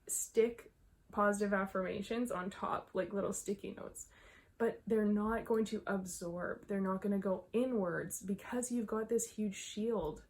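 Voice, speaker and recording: A woman's voice: medium pitch, a little mellow. Breathless woman mindset coach. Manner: emphatic, repeats herself, laughs often. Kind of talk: casual talk to camera.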